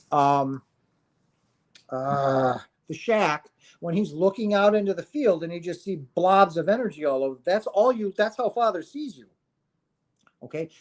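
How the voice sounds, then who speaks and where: A slightly high, somewhat mellow male voice belongs to an American man in his fifties who streams about spirituality. He talks to his viewers casually and earnestly, with a preachy streak, often tacking on "right?" and swearing now and then.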